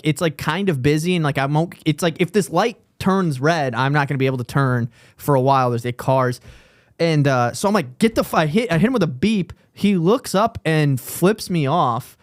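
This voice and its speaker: Young male stand-up, somewhat high voice, dry close recording, casual and profane. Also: animated, moderate pace, no echo. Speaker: podcast co-host, stand-up comic. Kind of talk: casual chat.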